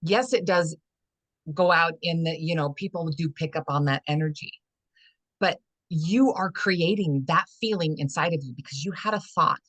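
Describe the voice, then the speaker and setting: A woman with a notably low speaking voice explains her coaching ideas in an earnest, meandering way, full of "you know" and restarts. She is a guest in a relaxed podcast conversation. The sound is dry and close, with no room around it. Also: moderate pace, dry recording. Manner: rambling and earnest, many "you know" fillers, acts out inner dialogue. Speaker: holistic fitness and life coach, guest.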